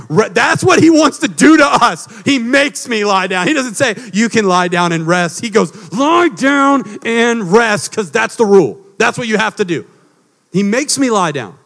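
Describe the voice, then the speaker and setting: A pastor preaches with dynamic energy. His fairly high man's voice drops to hushed tones, then climbs to emphatic peaks. Long reverb fills the large church hall. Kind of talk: sermon.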